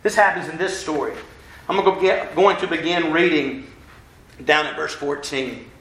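A man preaching a sermon as pastor, animated, acting out the voices of the people he quotes. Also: fairly high pitch, normal speed. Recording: roomy church echo.

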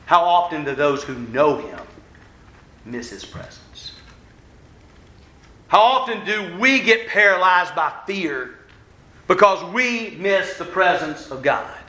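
A man preaching a sermon as pastor, animated, acting out the voices of the people he quotes. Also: high voice, slow pace, pauses often. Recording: roomy church echo.

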